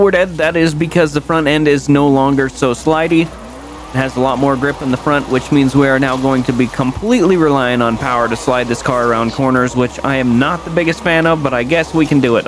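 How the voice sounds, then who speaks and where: Playing a car game, this young man gives loose, meandering commentary for his YouTube gaming channel. He frequently corrects himself, and surprises make his voice leap higher.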